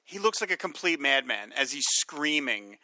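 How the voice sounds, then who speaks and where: A man co-hosting a film podcast in casual chat, animated and often acting out movie lines in a high shout. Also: normal speed, no room sound. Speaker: podcast co-host.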